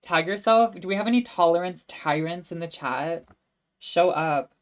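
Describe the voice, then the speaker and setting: A woman's voice: on the low side, normal speed. A young woman, a student, chatting casually on a livestream and answering viewer questions, self-mocking and laughing often.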